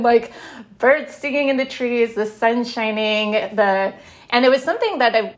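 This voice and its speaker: A middle-aged woman who writes about happiness, talking as an interview guest. She is animated, tells stories with bits of laughter, and says "like" a lot. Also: medium pitch. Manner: animated, laughs while telling stories, lots of "like". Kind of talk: conversational interview.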